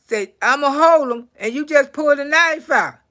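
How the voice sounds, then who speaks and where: A woman telling stories and praying for her live chat, swinging from loud to soft. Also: high voice, normal speed. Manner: animated storyteller, swings from loud to soft prayer. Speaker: comedian livestream host.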